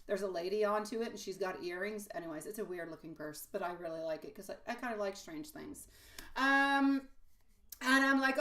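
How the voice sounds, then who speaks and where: A woman's voice: mid-range voice, fairly bright tone. Chatty woman reading tarot, off-mic. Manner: chatty and affectionate, calls viewers pet names; laughs often, quick asides. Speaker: tarot reader hosting a live stream. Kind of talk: live-stream tarot reading, chatting with viewers. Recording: voice a bit distant from the mic.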